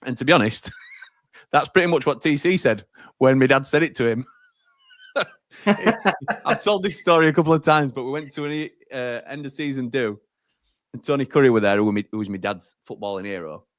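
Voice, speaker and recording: A man's voice: fairly low pitch, fairly bright tone, no room sound, studio quality. A man from Sheffield hosting a fan watch-along stream, chatting casually and reading out viewer comments with frequent laughs.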